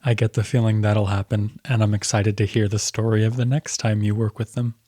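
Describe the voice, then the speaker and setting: Calm young man giving advice. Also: lowish voice, a little fast, no room sound, clean studio sound. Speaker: podcast co-host. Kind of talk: casual chat.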